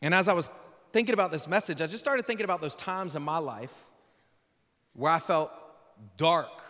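A pastor preaching a sermon in a church, swinging between loud, urgent passages and quiet, low reflection. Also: male voice, moderate pace. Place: large church hall. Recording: long hall reverb.

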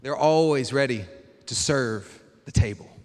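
A man's voice: mid-range voice, a little slow, darkish tone, a little hiss or hum. A male pastor giving a sermon in a casual, conversational preaching style, often asking the congregation rhetorical questions. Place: church sanctuary. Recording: hall reverb from a live church service.

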